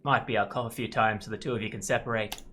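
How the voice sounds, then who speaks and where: A man's voice: on the low side, steady tone, fast talker, bright, forceful tone. Man doing a cheeky young Irishman. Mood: teasing. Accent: put-on Irish. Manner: reads game dialogue aloud in a voice.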